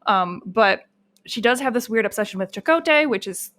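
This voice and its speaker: Relaxed woman podcast co-host. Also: a little high, moderate pace. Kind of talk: casual chat.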